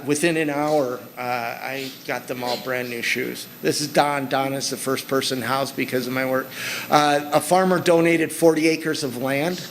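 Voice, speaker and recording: A man's voice: mid-range voice, vocal fry, a bit bright, slight background noise, low-quality recording. A middle-aged man giving a talk to an audience, telling stories about his work in an earnest, conversational way. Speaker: speaker. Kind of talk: conference talk with slides.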